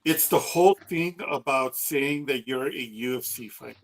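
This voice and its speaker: A man's voice: mid-range voice, normal speed, slight background noise, rough recording. A man co-hosting a podcast, chatting casually and bluntly, cursing as he rants. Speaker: podcast co-host. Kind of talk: casual chat.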